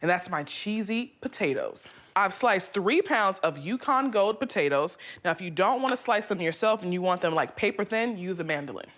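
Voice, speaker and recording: Woman chef with steady instructions. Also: mid-range voice, moderate pace, hardly any pauses. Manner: steady, step-by-step. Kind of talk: cooking demonstration. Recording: music under voice.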